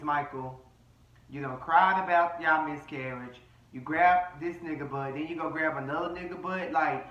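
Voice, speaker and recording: A man's voice: a little high, fairly bright tone, recorded from a distance, dull audio. Brash sassy man in an echoey room. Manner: brash, profane, sassy, reading people. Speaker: commentary host. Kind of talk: casual reality-TV recap.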